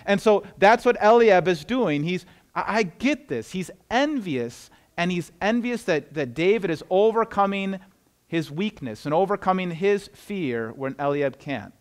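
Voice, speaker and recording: A man's voice: high voice, expressive, unhurried. A man preaching an earnest, conversational sermon as a pastor, often restarting and repeating words.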